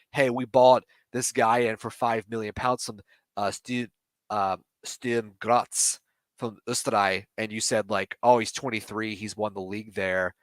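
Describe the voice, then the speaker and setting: A man's voice: lowish voice, fairly bright tone, no echo. A man co-hosting a live football stream, talking in a rambling, opinionated way and often correcting himself mid-sentence. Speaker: podcast co-host.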